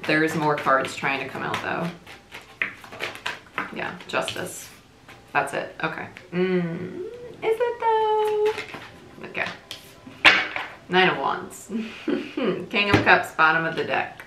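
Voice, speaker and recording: A young woman from New Jersey giving a casual tarot reading, talking quickly in a chatty, rambling way. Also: deep voice, noisy background. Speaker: tarot reader. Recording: echoey room.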